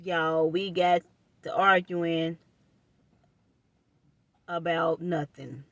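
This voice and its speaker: A young woman, telling a personal story to her viewers in an animated, casual way and calling them y'all. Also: fairly low pitch, extremely slow, no echo.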